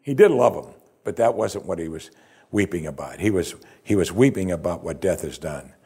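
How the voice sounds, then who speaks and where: Husky low-voiced man preaching a sermon. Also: expressive, normal speed, dark tone. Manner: expository, conversational preaching with emphatic rises. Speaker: pastor.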